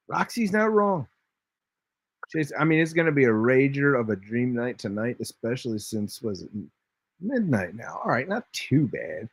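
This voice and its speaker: A man's voice: mid-range voice, big pitch swings, normal speed, husky, no room sound. A man hosting a casual live-stream chat, joking around and reading chat messages aloud. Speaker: host.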